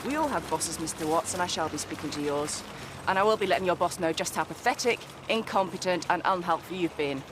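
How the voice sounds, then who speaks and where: A woman's voice: lowish voice, animated, brisk, a bit bright, slight background noise. An actress playing a furious woman customer, cutting and indignant in a TV soap scene. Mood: angry. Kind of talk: TV soap acting.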